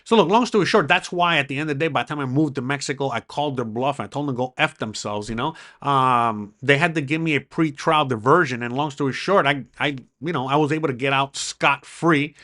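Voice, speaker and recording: A man vlogging, telling a story to camera in an excitable way, swearing freely and acting out what people said. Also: medium pitch, a little fast, few pauses. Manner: excitable, swearing, acts out the quoted dialogue.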